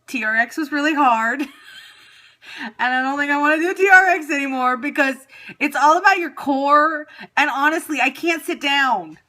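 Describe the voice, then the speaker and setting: A woman chats casually into her phone from home, frank, profane and quick to make fun of herself. Her voice sits a little high and rings bright and sharp. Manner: candid, profane, self-mocking. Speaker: livestream host. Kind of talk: casual chat. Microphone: phone livestream.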